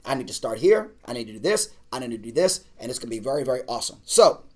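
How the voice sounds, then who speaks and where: A man's voice: mid-range voice, big pitch swings, quick pace. A man, a pastor, talking casually to an online class, urging and repeating himself as he builds energy. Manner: repetitive, exhorting, building to shouts; casual, uses "man" and "y'all". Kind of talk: energetic preaching pitch to an online audience.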